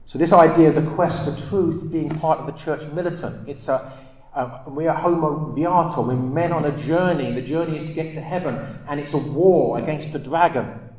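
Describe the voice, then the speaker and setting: A man's voice: on the high side, normal speed, darkish tone. A man giving a lecture on literature and faith, speaking emphatically and reading quotations with dramatic weight. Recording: echoey room.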